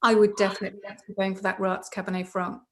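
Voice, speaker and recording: A woman's voice: mid-range voice, level tone, quick pace, fairly bright tone, slight background noise. Woman giving descriptive tasting notes. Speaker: wine writer panelist. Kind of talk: casual panel discussion.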